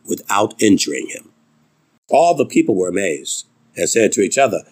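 Man, preacher, sermon, emphatic scripture reading, swooping pitch. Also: lively intonation, moderate pace.

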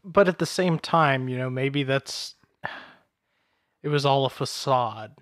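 A man's voice: medium pitch, measured pace, fairly bright tone. A man in a casual podcast chat, offering dry, doubtful counterpoints. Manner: dry, playing devil's advocate.

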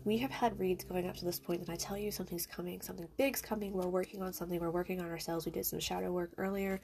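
A woman's voice: fairly low pitch, creaky, darkish tone, a little hiss or hum. Stuffed-up woman hosting a card reading. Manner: chatty and encouraging, talks straight to listeners. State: stuffed up, congested from allergies. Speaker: podcast host, oracle card reader. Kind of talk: casual oracle card reading.

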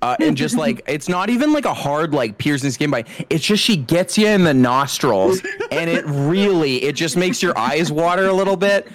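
A man's voice: a little high, big pitch swings, normal speed. A man chatting casually as a tabletop game player, rambling through a story and laughing as he goes. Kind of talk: casual chat.

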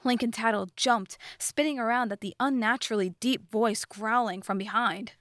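A woman narrating a fantasy novelization as an audiobook, reading in a steady, measured way. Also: on the high side, no echo, studio quality. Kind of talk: scripted narration.

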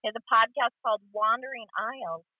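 A woman's voice: on the high side, a little fast, slightly rough, dry recording, narrow, tinny audio. A woman doing a rambling, profane, self-deprecating stand-up set on stage and introducing the next comic. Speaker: comedian and show host. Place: comedy club stage.

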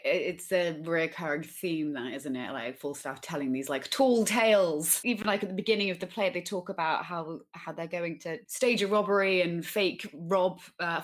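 A woman's voice: lowish voice, normal speed, few pauses. A woman co-hosting a casual discussion, informal and chatty, with plenty of "like" fillers. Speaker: podcast co-host.

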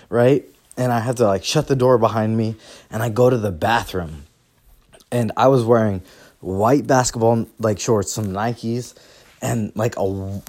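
Young male podcast host, mid pitch, casual and profane, rambling storyteller. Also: darkish tone. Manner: profane, rambling, laughs through his stories.

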